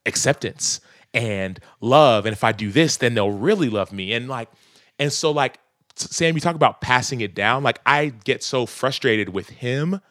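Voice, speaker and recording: A man's voice: medium pitch, a bit bright, dry recording, studio quality. A man in his thirties, a podcast guest talking earnestly and reflectively in casual conversation, often breaking into laughs.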